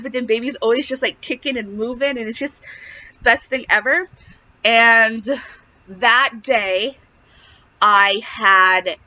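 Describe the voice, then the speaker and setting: A woman's voice: a little high, sharp tone. A young woman telling a personal story in a casual vlog, rambling with lots of fillers. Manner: rambling, filler-heavy, emotional retelling. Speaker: vlogger. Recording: dull lo-fi recording.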